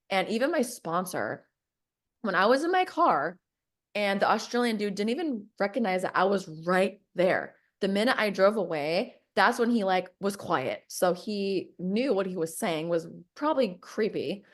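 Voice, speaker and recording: Chatty woman telling a story with many likes. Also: moderate pace. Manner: animated, acts out quoted voices with big pitch jumps; filler-heavy, says like and whatever often. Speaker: podcast guest telling a personal story. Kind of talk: casual storytelling chat.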